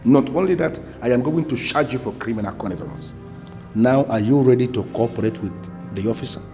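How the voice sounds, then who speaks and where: A man's voice: medium pitch, a little fast, music in the background, natural voice. A man with a Nigerian English accent playing a stern police officer who interrogates a witness in formal, threatening tones.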